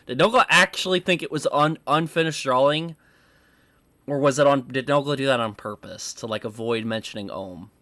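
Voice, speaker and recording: A man talks over video clips in a loose, unscripted way. He thinks out loud, stops, and starts his questions again. His pitch sits in a middling range. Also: moderate pace, no room sound. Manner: thinking aloud, restarting questions. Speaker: reaction commentator. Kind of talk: casual commentary.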